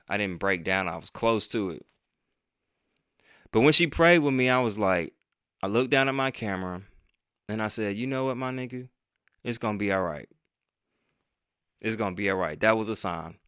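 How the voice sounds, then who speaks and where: A vlogger and podcaster tells a personal story in a casual, profane storytime monologue, acting out the dialogue as he goes. His voice is lowish, expressive, a bit bright and resonant, at a moderate pace. The recording is clear studio quality with no room sound.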